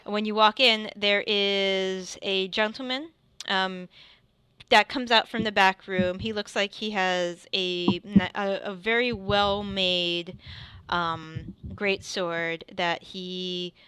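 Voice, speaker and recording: A woman's voice: medium pitch, fairly even intonation, slow pace, bright, forceful tone, smooth, dry recording. Rambling woman game master. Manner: rambling, many fillers and restarts. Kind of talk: narrating a tabletop game.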